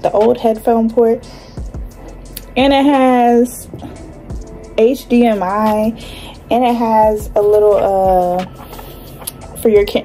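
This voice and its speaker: A young woman vlogs in a chatty, slangy, rambling way, her light Southern accent coloring a medium-pitched voice with a dark tone.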